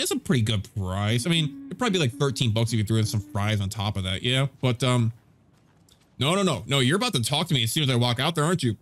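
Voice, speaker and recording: A goofy gaming streamer, a man riffing over his game in a casual let's-play. His pitch swings widely as he jokes and stammers through asides. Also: expressive, fast talker, fairly bright tone.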